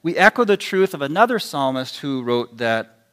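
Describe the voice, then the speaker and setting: A man preaching a sermon in a deliberate, emphatic way, his loudness rising and dropping sharply for stress. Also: fairly high pitch, big pitch swings.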